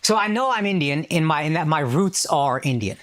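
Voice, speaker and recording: A man's voice: a little high, lively intonation, fairly quick, fairly bright tone. A man in casual podcast chat, telling a story with lots of emphatic swearing. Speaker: podcast regular.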